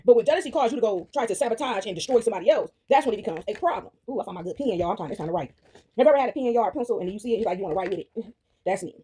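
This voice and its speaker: A woman's voice: medium pitch, lively intonation, rapid-fire, dark tone, slight background noise. A woman giving a casual spoken reflection on Bible stories, rambling and checking in with "right?" and "y'all" all the time, and laughing often as she goes. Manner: laughs often while telling. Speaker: video creator sharing faith reflections.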